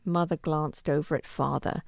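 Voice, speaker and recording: A woman narrating a historical romance audiobook in an expressive storytelling manner. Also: sits low, normal speed, creaky, dry recording, studio quality. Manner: expressive, with lively intonation.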